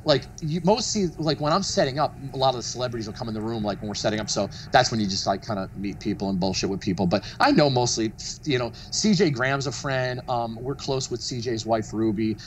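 A man telling stories casually as a podcast guest, rambling and animated with lots of fillers and swearing. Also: mid-range voice, quick pace, few pauses, a little hiss or hum. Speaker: guest, mask artist and studio founder. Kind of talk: casual storytelling chat.

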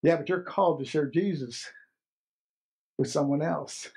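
A man's voice: fairly high pitch, a little slow, gravelly, darkish tone, slightly rough. A man preaching a sermon as pastor, earnest and emphatic, repeating key phrases.

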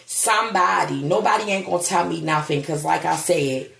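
A woman's voice: on the low side, normal speed, gravelly, fairly bright tone. A woman vlogging at home, grieving and holding back tears, talking bluntly and swearing now and then. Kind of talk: casual vlog monologue. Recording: echoey room.

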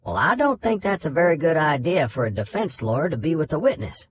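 A man's voice: a little high, very animated, brisk, pitched above the performer's own voice. A man putting on a stern older male judge with a Southern US drawl, reading him in a nonfiction audiobook. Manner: drawling, admonishing.

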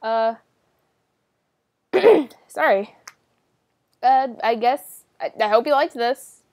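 A woman's voice: on the high side, lively intonation, very slow, darkish tone. A woman reacting to a children's show in casual commentary, exasperated and swearing, with show audio behind her. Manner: exasperated, swears a lot, questions everything. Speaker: reaction video host.

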